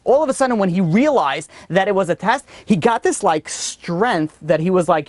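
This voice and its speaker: A man's voice: sits high, brisk, few pauses, no room sound. Man telling a teaching story, dry sound. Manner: lively storyteller with frequent "you know" asides. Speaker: rabbi teaching a weekly class. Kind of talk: storytelling religious lesson.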